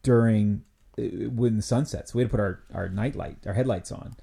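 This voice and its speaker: Gravelly, mellow-voiced man. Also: lowish voice, a little fast. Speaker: host, father. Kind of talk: casual family podcast chat.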